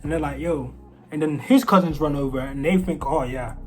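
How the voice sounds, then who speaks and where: A man's voice: on the high side, a little fast, faint music behind. A man with a British accent that keeps some American traces, casually telling a story. He rambles and restarts often, with many fillers. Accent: British English with American traces. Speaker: storyteller vlogger.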